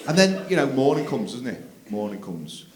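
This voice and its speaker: A man doing live stand-up comedy on a theatre stage, swinging from mumbled asides to shouted outbursts. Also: medium pitch, very animated, normal speed, very noisy. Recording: roomy live theatre recording with crowd. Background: laughing audience.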